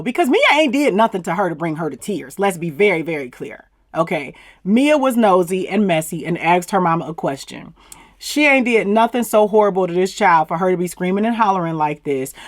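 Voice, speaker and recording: A woman's voice: medium pitch, no echo, studio quality. A woman hosting a casual recap channel, sassy and emphatic, with slangy turns of phrase and mocking laughs. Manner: sassy, emphatic, uses southern slang like "plumb fool". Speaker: commentary channel host. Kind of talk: casual reality-TV recap commentary.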